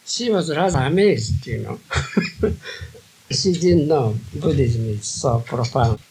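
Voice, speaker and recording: An older man with a Japanese accent, a native Japanese speaker, reminiscing haltingly in an archival talk, with many fillers and soft laughs. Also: medium pitch, expressive, husky, poor audio. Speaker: Zen teacher recalling his past.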